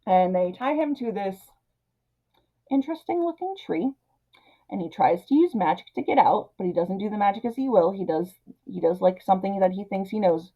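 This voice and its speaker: A woman hosting a casual film recap, chatty and animated, acting out the characters' lines in her own voice. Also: medium pitch, normal speed, muffled recording. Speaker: video essay host.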